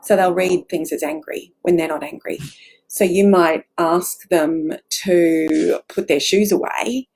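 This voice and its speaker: A woman's voice: on the low side, measured pace, vocal fry, warm tone. A middle-aged woman hosting a casual live-stream talk about parenting, explaining earnestly and acting out little examples.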